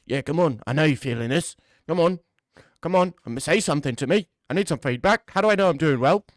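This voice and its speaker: A man voices a crude, cocky young British guy. He sounds needy and pushy, and his voice sits higher and louder than his normal speech in a dry, close recording. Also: expressive, brisk, no echo, lightly acted. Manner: pushy, needy, keeps saying come on.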